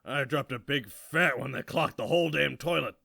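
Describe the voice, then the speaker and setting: A man voicing a gruff, crude male turtle-dragon king with a husky, gravelly voice and a blunt, grumbling manner. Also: medium pitch, moderate pace, pushed and bright, dry recording, clean studio sound. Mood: boastful.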